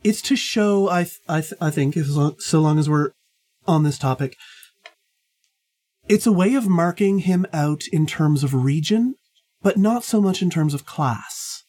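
A woman's voice: sits low, measured pace, warm tone. A woman hosting a casual book discussion, explaining points at length with many fillers. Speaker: podcast host.

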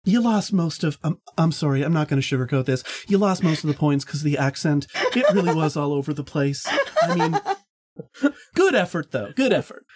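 A woman's voice: sits low, sing-song, moderate pace, a little mellow, breathy edge. A woman co-hosting a podcast in casual chat, teasing and hesitant with fillers. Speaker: podcast co-host.

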